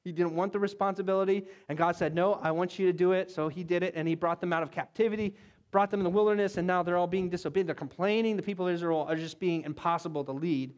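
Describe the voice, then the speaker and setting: Animated high-voiced male preacher. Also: quick pace. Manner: animated storytelling, acts out biblical voices. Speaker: pastor. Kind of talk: sermon.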